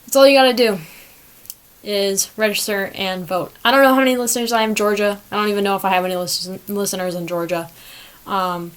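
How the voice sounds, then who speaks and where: A woman's voice: medium pitch, fairly quick. A young woman hosting a sports podcast on her own. She chats casually and rambles, breaking off into asides to herself. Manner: chatty, rambling, self-talking asides. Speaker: podcast host. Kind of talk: casual solo podcast chat.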